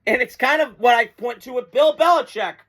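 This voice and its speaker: A man's voice: extremely high pitch, fairly quick, fairly bright tone. A man hosting a sports talk show, delivering a blunt, profane, mocking monologue.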